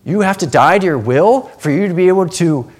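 A man's voice: high-pitched, expressive, fairly quick. Earnest male preacher delivering a sermon. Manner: earnest, swings from hushed to emphatic.

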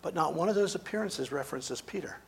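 Husky, high-voiced male preacher. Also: expressive, quick pace. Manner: dramatic, swings between emphatic and hushed. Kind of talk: sermon.

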